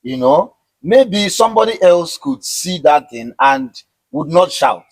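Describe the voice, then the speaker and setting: A man's voice: a little high, expressive, measured pace, no echo, rough recording. A man being interviewed with his wife, explaining at length in casual chat, often repeating words and asking "you understand?". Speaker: interviewed husband.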